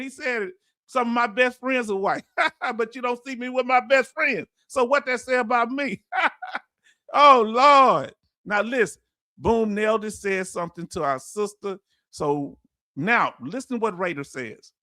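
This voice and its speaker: High, bright-voiced man from Houston. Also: unhurried, pauses often, no room sound, clean studio sound. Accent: Houston, Texas. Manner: animated, folksy, laughs often, addresses audience as family. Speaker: livestream host reading viewer comments. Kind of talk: casual live-stream chat.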